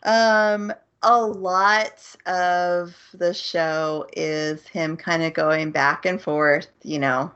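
A woman's voice: fairly low pitch, drawn-out words, few pauses, clear, resonant tone. Woman recapping a plot, lo-fi audio. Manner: animated plot recap with acted-out quotes. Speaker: podcast co-host. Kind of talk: casual chat. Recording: muffled lo-fi audio.

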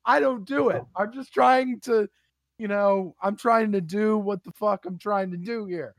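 A man telling profane, animated stories in a casual podcast chat. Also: high-pitched, unhurried, gravelly, no room sound.

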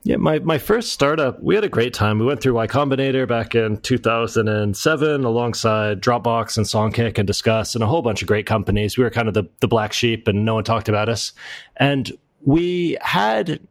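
In a dry recording, a middle-aged American guest from Florida, who is an author and entrepreneur, talks at normal speed and medium pitch. He keeps things casual and self-deprecating in the interview, often starting sentences over.

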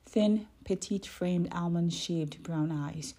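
A woman reading a children's book aloud, careful and gentle, stopping to correct her own slips. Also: on the low side, slow pace, slightly rough. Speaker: reader.

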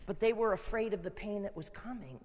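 A man preaching a sermon with passion, dropping to a hush and then rising to a shout. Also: high-pitched, a little fast. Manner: impassioned, swings from hushed to shouting. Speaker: pastor. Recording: long reverb of a large hall.

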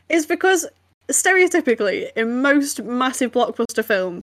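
A woman's voice: high-pitched, big pitch swings, a little slow. Bubbly English woman, laughing often. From England. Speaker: podcast co-host. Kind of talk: casual chat.

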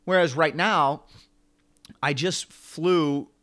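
Young guy podcast cohost, bright sharp voice, rambles on and gets worked up telling stories. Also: on the high side, slow pace. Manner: rambling, animated storytelling. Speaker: podcast co-host. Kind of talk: casual chat.

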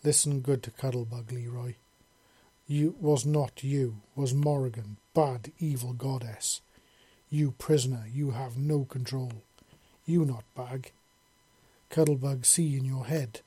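A huge, gentle alien woman, as voiced by a man, talks about herself by name in simple broken English. The voice is flat and mellow with a husky edge, recorded dry and close. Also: medium pitch, moderate pace, no echo, lightly acted. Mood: defiant.

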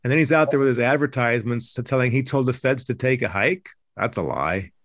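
A man's voice: mid-range voice, a little fast, fairly bright tone, no echo, studio quality. A man hosting a political talk podcast, talking emphatically and indignantly with frequent restarts. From Idaho. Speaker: podcast host, news editor.

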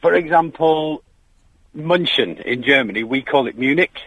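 A man's voice: a little high, lively intonation, normal speed, a bit bright, breathy edge, poor audio. A male caller asking a question on a radio phone-in, in a plain, matter-of-fact way. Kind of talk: phone-in chat.

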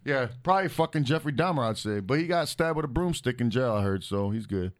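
A man co-hosting a podcast, loud and profane, rambling through fan questions. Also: medium pitch, animated, fast talker. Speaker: podcast co-host. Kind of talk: casual chat, reading fan questions.

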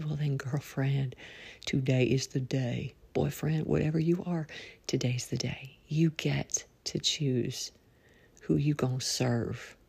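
A woman hosts her own casual faith chat podcast, bubbly and playful, giggling as she talks and breaking into spoken prayer along the way. Her voice is deep, creaky, a little mellow and slightly rough.

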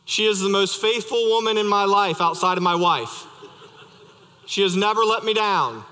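Young male pastor, high and bright, a relaxed storyteller with easy humor, heard through long church reverb. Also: moderate pace. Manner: conversational, storytelling with light humor. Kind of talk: sermon. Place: church sanctuary.

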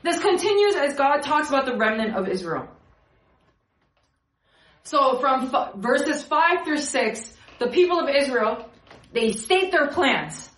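Young woman, preacher, casual sermon, animated storytelling, slightly high voice, roomy echo. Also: measured pace, long pauses.

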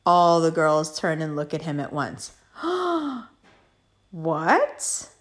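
A woman telling a story in a vlog, animated and heavy on profanity. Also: low voice, normal speed.

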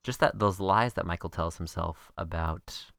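A woman co-hosting a podcast, chatting casually with a wry, skeptical edge. Her voice sits very low for a woman. The sound is dry and close, with no room to it. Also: creaky, a bit bright, dry recording. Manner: wry, skeptical, fast recaps. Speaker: podcast co-host. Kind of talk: casual chat.

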